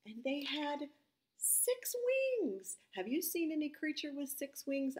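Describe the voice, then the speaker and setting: Brief: woman leading a kids' Bible devotion, slow and expressive, higher voice, whispers for emphasis. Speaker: children's devotion leader.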